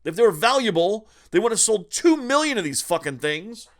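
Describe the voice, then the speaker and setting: A man's voice: high-pitched, very animated, fairly quick. A man hosting a retro gaming channel, ranting angrily with constant profanity. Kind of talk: ranting vlog.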